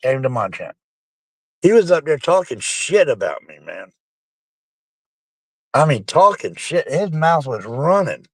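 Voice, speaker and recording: A man's voice: a little high, very animated, unhurried, pauses often, dry recording. A middle-aged man, rambling casually and profanely to his live-stream chat, calling them folks.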